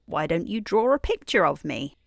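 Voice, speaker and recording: A woman voicing a fussy, fretful talking frog in a bedtime story, in a gently coaxing tone. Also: fairly low pitch, sing-song, normal speed, vocal fry, dry recording, clean studio sound, exaggerated voice.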